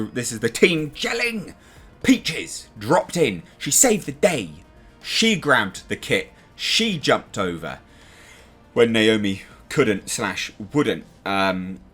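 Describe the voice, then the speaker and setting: A man's voice: medium pitch, fairly bright tone. An English man hosting a TV review channel, talking casually and animatedly, swearing now and then and making sound effects. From England.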